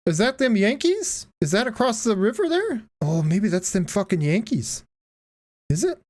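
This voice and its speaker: A woman's voice: mid-range voice, very animated, moderate pace, a little mellow. A woman streaming a game, giving casual, profane, joking commentary and laughing often.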